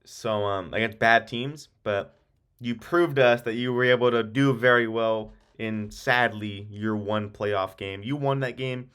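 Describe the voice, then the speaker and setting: A man's voice: mid-range voice, steady tone, measured pace, fairly bright tone, smooth. A young man giving casual, rambling football commentary, swearing often and working himself into heated rants. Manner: profane, rambling, heated rants with many ums. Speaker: sports video host.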